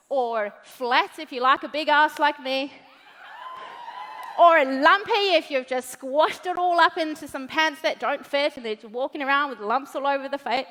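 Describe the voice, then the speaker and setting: A New Zealand woman speaks slowly in a high, bright voice, giving a motivational talk in front of an audience. She is blunt, playful and swears freely. Her voice carries a long reverb from a large event hall.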